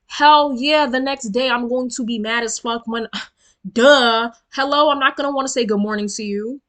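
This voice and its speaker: A woman's voice: a little high, moderate pace, a bit bright. A young woman telling a storytime rant to her viewers, blunt and profane, calling them y'all and getting more worked up as she goes. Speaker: storytime vlogger.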